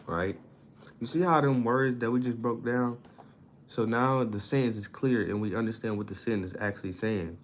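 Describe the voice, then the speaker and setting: Guy with a lowish voice reading a book out loud, stumbles a lot, explains words in slang, muffled audio with faint hiss. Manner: reads haltingly, stumbles on words, pauses to define them in slang. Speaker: self-taught reader explaining a book. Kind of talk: casual read-aloud study session. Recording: dull lo-fi audio, faint background noise.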